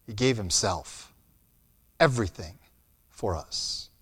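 A man preaching a sermon as pastor, blunt and emphatic, swinging between loud and soft. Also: on the high side, lively intonation, a little slow. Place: church hall. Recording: long hall reverb.

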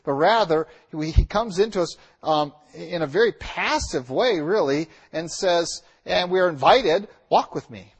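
A male preacher with a high voice delivers a sermon straight to the congregation. He talks directly and emphatically, slowing down and leaning hard on the words he wants to stick. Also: husky. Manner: emphatic, repeats key lines with slow stressed words. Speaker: pastor.

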